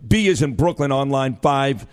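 A man's voice: medium pitch, animated, moderate pace. A man co-hosting a radio talk show, jokey and affectionate with callers. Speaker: radio co-host.

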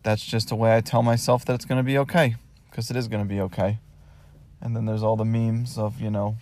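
A man's voice: on the low side, level tone, fairly quick, mellow. A man hosting a casual solo podcast, talking in a wry, rambling way with many fillers while recording on his phone in his parked car. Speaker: podcast host.

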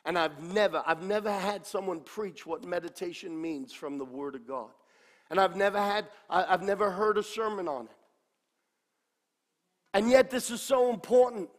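A man in his sixties preaching a sermon, swinging between impassioned shouting and low, quiet speech with a repetitive, emphatic cadence. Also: normal speed. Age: 60s. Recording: long reverb of a large hall.

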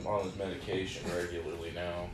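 A man's voice: sits low, level tone, brisk, far from the mic, crowd noise. A young man in a casual podcast chat, rambling and profane, with lots of fillers. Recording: echoey room with faint noise.

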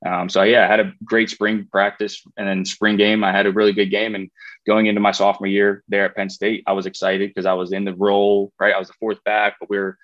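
A man's voice: fairly low pitch, completely flat delivery, a little fast, a bit bright, no room sound, dull audio. Laid-back man telling a story. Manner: rambling, frequent fillers and restarts. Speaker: guest, former college football player. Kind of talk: casual interview storytelling.

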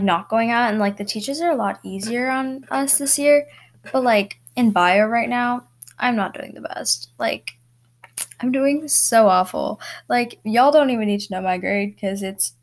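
Teen girl podcast host, slightly high voice, loose rambling chat with fillers, home mic. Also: a little slow. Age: teens. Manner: rambling, chatty, lots of fillers and laughs. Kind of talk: casual solo podcast chat. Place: bedroom at home.

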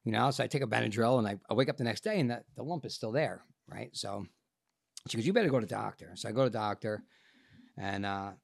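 A man, an actor and podcast guest, telling a personal story in a casual, animated and profane way, acting out the people in it. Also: fairly low pitch, fast talker, gravelly, no echo, clean studio sound.

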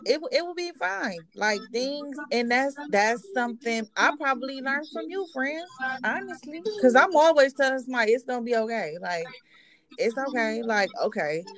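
A woman co-hosting a podcast in casual chat, talking loosely and profanely and laughing often, a little tipsy. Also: on the high side. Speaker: podcast co-host. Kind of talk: casual chat among friends.

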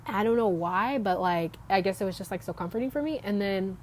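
Young woman, casual faith vlogger, mid-pitched and chatty, faint outdoor hiss behind her. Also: a little fast, a little mellow. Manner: chatty, frequent "like" fillers, laughs between thoughts.

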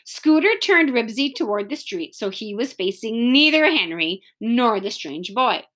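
Reading a children's chapter book aloud, a woman tells the story expressively at a measured pace. Her bright, fairly high voice rises and falls a great deal in pitch.

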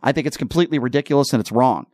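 Male radio host, dry studio sound, forceful opinion monologue. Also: mid-range voice, racing, no echo. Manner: emphatic, ranting, repeats points.

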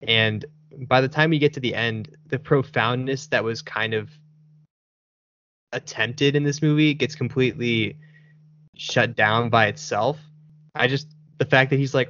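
A man's voice: medium pitch, unhurried, pauses often, a bit bright, dull audio. A man hosting a casual podcast chat, rambling and laughing often. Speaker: podcast host.

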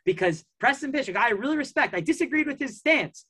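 A man's voice: high-pitched, lively intonation, a little fast, hardly any pauses, pushed and bright, breathy edge. A man as a podcast guest in casual chat, telling a long story in a rambling way, full of fillers and restarts.

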